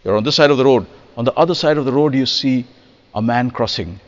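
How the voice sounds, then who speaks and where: A man giving a spoken music lesson on rhythm, lively and demonstrative, acting out examples and reciting verse in a studio. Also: mid-range voice, fast, long reverb tail, lo-fi sound. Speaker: percussionist explaining rhythm.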